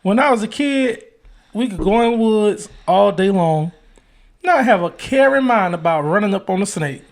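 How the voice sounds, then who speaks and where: A man's voice: sits high, lively intonation, normal speed, gravelly. A man co-hosting a casual podcast chat with his wife, playful and given to dramatic emphasis. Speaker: podcast co-host.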